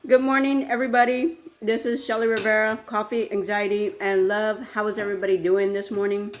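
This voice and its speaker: A woman's voice: mid-range voice, little pitch movement, a little fast. A woman hosting a casual morning vlog, tired and chatty, rambling along with fillers and sometimes talking with her mouth full. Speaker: vlog host and fitness coach.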